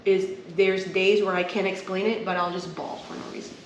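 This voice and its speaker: In a casual podcast chat, this woman co-host tells personal stories with earnest, emotional openness. She speaks at a medium pitch, a little fast, with little pitch movement, and the echoey room carries faint background noise.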